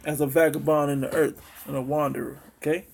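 A man preaching a sermon. He reads archaic scripture slowly and adds commentary, often ending points with "okay?" and "man". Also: on the high side, little pitch movement, creaky, husky.

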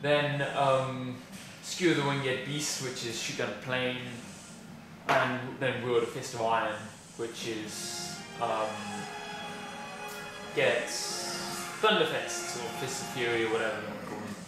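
A man's voice: mid-range voice, steady tone, a little slow. A young man giving casual, rambling gameplay commentary, often correcting himself as he goes. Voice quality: chatty, rambling, self-correcting. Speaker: gaming commentator. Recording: echoey room, far from mic. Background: game music.

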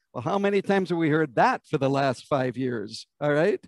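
An American pastor preaches a sermon, retelling a scripture passage as a vivid story. He often invites listeners to picture the scenes. His voice is fairly high, and the sound is dry and close. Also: normal speed, vocal fry, few pauses, dry recording. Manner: vivid storytelling, asks the congregation to imagine.

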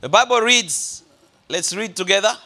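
A man's voice: high-pitched, animated, moderate pace, pushed and bright. A male pastor preaching a sermon to a congregation. He speaks emphatically, repeats key phrases and calls his listeners beloved. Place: church service before a congregation.

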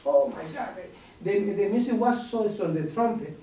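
Spanish-speaking man, halting English, echoey room. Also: high voice, lively intonation, dark tone. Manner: halting broken English with restarts and small laughs. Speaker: meditation leader. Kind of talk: personal spiritual testimony. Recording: roomy echo, distant mic, faint noise.

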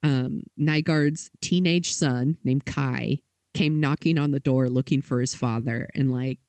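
A man hosting a podcast, telling a story in a casual way, with lots of fillers and quick acted quotes. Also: medium pitch, steady tone, darkish tone, dry recording. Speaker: podcast host.

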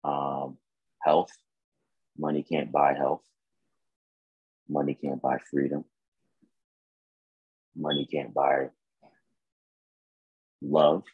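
A man talking as a guest in a casual chat, relaxed and reflective, with plenty of ums. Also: very deep voice, drawn-out words, pauses often, husky, no room sound. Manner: relaxed, reflective, with many fillers. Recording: dull, dry close recording.

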